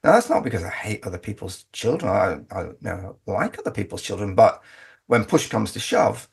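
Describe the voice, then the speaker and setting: A man's voice: on the low side, expressive, fairly quick, vocal fry, breathy edge. A man speaking as an interview guest, making his case emphatically and often restarting his sentences. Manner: emphatic, argumentative, with frequent restarts. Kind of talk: conversational interview.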